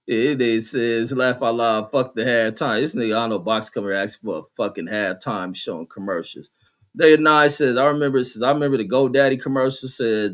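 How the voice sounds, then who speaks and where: A middle-aged man hosting a casual stream, reading viewer comments aloud and riffing on them with profanity and laughter. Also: medium pitch. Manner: profane, laughing, reads chat aloud and riffs. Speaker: livestream host reading chat. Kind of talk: casual uncensored chat.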